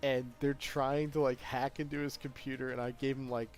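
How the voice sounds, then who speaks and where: A young man with a mid-range voice and little pitch movement chats casually on a live stream at normal speed. He rambles through long stories full of fillers and bursts of laughter, with soft music playing in the background.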